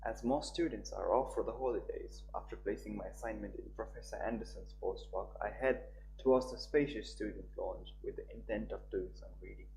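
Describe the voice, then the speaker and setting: A young man streaming a visual novel, reading its text aloud and reacting to it in an animated way. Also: a little fast, gravelly, slight background noise, rough recording. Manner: animated, voices the dialogue lines higher and louder. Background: guitar music.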